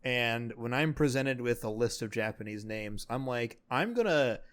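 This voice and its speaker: A man who is a guest on a podcast, talking casually in a measured, hesitant way with frequent ums. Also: mid-range voice, lively intonation, a bit bright, clear, resonant tone.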